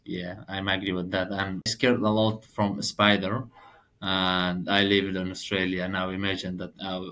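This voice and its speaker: A man in his thirties from Afghanistan with an Afghan accent, a podcast guest speaking earnest, halting second-language English. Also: deep voice, flat delivery, bright, forceful tone. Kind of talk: podcast interview.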